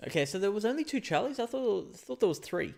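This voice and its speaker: A man's voice: sits high, sing-song, fast, gravelly, darkish tone. A man streaming a game live, chatting and thinking aloud with frequent restarts. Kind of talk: live gameplay commentary.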